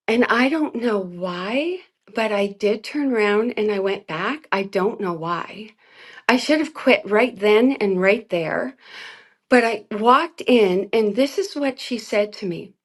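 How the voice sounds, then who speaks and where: A woman giving an emotional personal testimony as an interview guest, talking earnestly and haltingly with many fillers. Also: mid-range voice, expressive.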